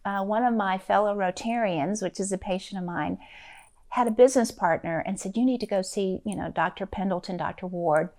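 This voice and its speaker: Woman doctor, interview guest, easygoing storyteller, mid pitch. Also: a little fast, darkish tone. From Louisiana, US. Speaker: interview guest, lifestyle medicine physician. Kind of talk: conversational interview.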